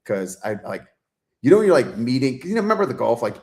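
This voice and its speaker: A man's voice: medium pitch, sing-song, quick pace, darkish tone. A man appearing as a guest author, chatting casually with slang and laughter. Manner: laid-back, slangy, laughing storyteller. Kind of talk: casual chat.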